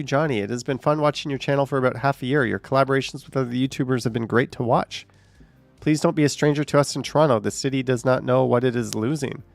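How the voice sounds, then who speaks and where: A man with a gravelly, creaky voice reads viewer comments aloud on a relaxed livestream, dropping sarcastic jokes between them. He sounds a little short of breath. The sound is dry and close, with faint music underneath. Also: mid-range voice, dry recording. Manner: joking, sarcastic asides with frequent laughs. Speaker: livestream host reading chat comments. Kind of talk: casual live chat.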